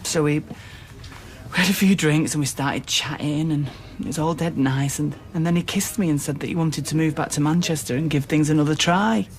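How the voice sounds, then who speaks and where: A man's voice: fairly high pitch, normal speed, close to an everyday voice. A man playing an upset young man, plaintive and chatty, in a TV drama. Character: upset young man after a bad date. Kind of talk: TV drama acting.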